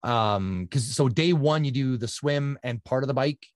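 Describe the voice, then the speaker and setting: A man, a guest telling his story in a casual interview with animated energy and quick restarts. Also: mid-range voice, no room sound, studio quality. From Canada. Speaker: guest, triathlete.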